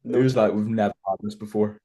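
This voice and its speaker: A man's voice: lowish voice, quick pace, gravelly, over a noisy crowd. A young man co-hosting a casual podcast, bantering and swearing with his friend. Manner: relaxed banter, swears, laughs. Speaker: podcast co-host, coach.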